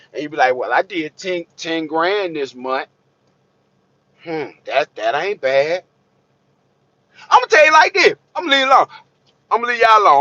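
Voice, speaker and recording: A trucker vlogger with a high, sharp voice rants unscripted to camera, blunt, profane and streetwise, preaching and repeating himself. The recording is dry, dull and lo-fi.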